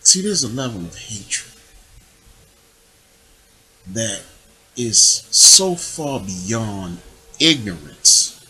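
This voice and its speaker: A man's voice: lowish voice, very animated, drawn-out words, long pauses, sharp tone, slightly rough, low-quality recording. A man giving a rambling spiritual monologue, digressive and full of rhetorical questions. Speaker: public official making his own videos.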